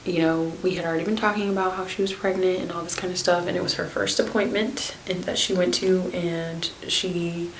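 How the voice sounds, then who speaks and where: Host: young woman, lowish voice, chatty and filler-heavy, roomy sound with light hiss. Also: flat delivery, fairly quick, few pauses. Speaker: naturopathic podcast host. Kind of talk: casual storytelling monologue.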